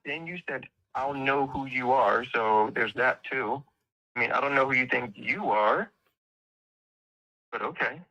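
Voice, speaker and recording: A sarcastic, combative man in a heated online debate, pressing the same question again and again. His voice is bright and forceful. The audio comes through dull and lo-fi, like a stream. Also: mid-range voice, unhurried.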